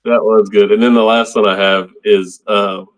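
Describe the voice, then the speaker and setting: A man's voice: lowish voice, level tone, moderate pace. A man co-hosting a casual movie podcast, rambling and laughing often as he reads out favorite lines. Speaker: podcast co-host. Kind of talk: casual chat.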